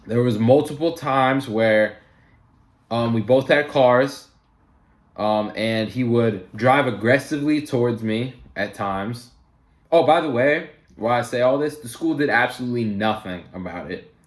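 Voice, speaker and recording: A man's voice: mid-range voice, roomy sound. A young man telling a personal story in a casual storytime vlog, heated and full of fillers and swearing. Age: young adult. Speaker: vlogger.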